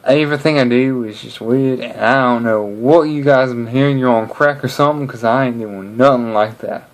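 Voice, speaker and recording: A man puts on a gruff Southern character with a lazy, dismissive drawl. He scoffs at the listener in a put-on Southern accent. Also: medium pitch, brisk, lightly acted. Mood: scoffing. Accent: put-on American Southern.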